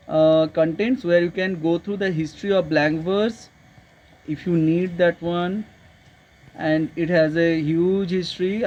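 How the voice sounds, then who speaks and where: A man teaches an online literature class. He explains things step by step and stops often to ask his students whether they follow. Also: sits high. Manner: patient, explaining step by step, checks in with "got it?".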